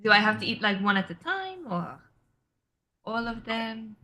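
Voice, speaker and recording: A woman's voice: a little high, big pitch swings, normal speed, pushed and bright, a little hiss or hum. A woman playing a tabletop game, chatty and giggly as she describes her character. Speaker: player. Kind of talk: casual tabletop play.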